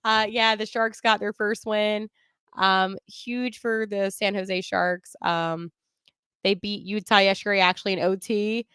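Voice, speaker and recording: A woman's voice: medium pitch, fairly even intonation, a little slow, fairly bright tone, clean tone, no room sound, studio quality. A woman hosting a sports podcast, talking casually and with strong opinions, laughing often as she runs through the standings. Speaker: podcast host.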